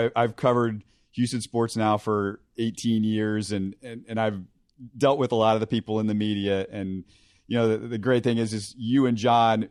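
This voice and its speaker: A man's voice: on the low side, darkish tone, dry recording, studio quality. A man hosting a casual sports interview, friendly and admiring, with some restarts. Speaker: podcast host.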